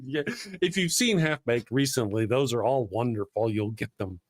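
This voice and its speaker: A male host chatting casually on a live show, with a voice of ordinary, middling pitch. He talks eagerly and rambles as he retells movie scenes, jumping back to fix details. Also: a little slow, fairly bright tone.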